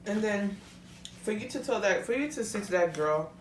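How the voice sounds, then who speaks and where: A woman's voice: mid-range voice, lively intonation, moderate pace, a little hiss or hum. A young woman vlogger in a casual, heated rant, talking bluntly and swearing freely. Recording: echoey room, mic at a distance.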